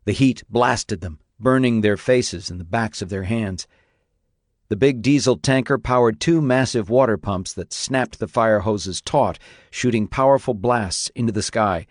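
A man reading an audiobook aloud in a steady, measured narrating style. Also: lowish voice, dry recording, studio quality. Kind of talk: scripted narration.

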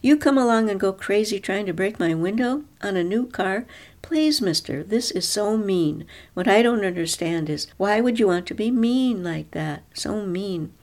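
A woman voicing a bold, sharp-tongued woman who snaps orders and turns lilting and mock-innocent when she needs to. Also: medium pitch, lively intonation, normal speed, lightly acted. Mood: mock-sweet.

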